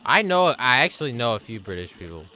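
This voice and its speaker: A man streaming a game live, rambling excitedly to chat, swearing often and making fun of himself. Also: mid-range voice, fast, slight background noise. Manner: sudden yelps at the game. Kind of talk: casual live-stream chatter.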